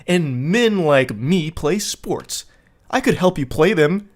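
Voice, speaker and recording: A man voicing an obnoxious young gamer guy, reading his texts in a high, sneering, drawn-out mocking voice. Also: expressive. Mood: swaggering. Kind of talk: mocking read-aloud of text messages.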